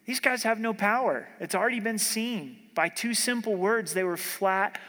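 A pastor giving a midweek Bible study sermon, slowing to read scripture aloud and asking the congregation rhetorical questions. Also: male voice, sits high, pushed and bright. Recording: long hall reverb.

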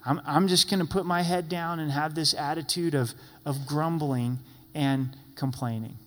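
A man preaching a sermon in a lively way, playfully acting out grumbling voices. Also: a little high, normal speed, a little hiss or hum. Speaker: pastor. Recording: long hall reverb.

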